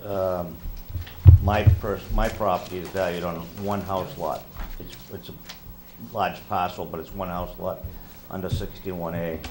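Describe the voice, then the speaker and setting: A man's voice: low voice, fairly even intonation, a little slow. A man, a local resident, asking the board hesitant questions at a public meeting and restarting them as he goes. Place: town hall meeting room. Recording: roomy hall with background noise.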